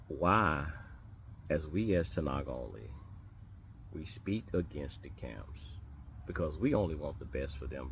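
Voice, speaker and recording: A man with a very deep voice talks to his viewers as a small congregation's minister. He is animated and blunt, repeating lines for emphasis and swearing as he challenges listeners. Crickets chirp faintly in the background. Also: slight background noise. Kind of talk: casual religious talk to viewers.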